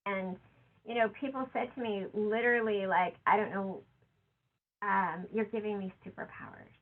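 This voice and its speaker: A woman giving a conversational conference talk, acting out quotes from other people. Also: moderate pace. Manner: conversational, quotes others with lively shifts in pitch. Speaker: conference speaker. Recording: tinny phone-like audio.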